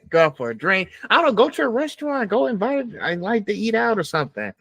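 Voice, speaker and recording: A man hosting a podcast, chatting loosely and excitably with his guest, laughing often. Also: high voice, a little fast, vocal fry, no echo. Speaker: podcast host. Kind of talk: casual interview chat.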